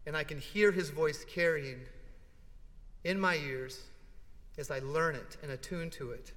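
A male pastor preaching with a fairly high voice, warm in his storytelling, falling to a hush at key moments. The church hall leaves a long echo behind every phrase. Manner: heartfelt storytelling, with dramatic pauses and hushed drops. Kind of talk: sermon.

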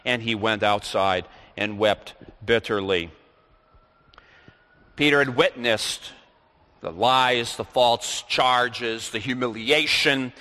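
A man's voice: mid-range voice, slow, pushed and bright. A man preaching a sermon, reading scripture aloud and then explaining it. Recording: long reverb of a large hall.

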